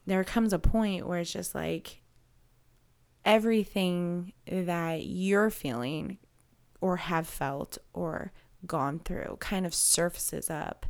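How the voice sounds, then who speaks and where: A woman's voice: on the low side, slow. A woman in her thirties talking openly and emotionally in a personal conversation, rambling and restarting as she works through her feelings.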